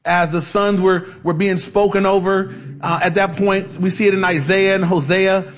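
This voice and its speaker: High-voiced casual male preacher. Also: little pitch movement, normal speed. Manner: casual and chatty, with frequent "you know" and restarts. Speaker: pastor. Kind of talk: conversational Bible-teaching sermon.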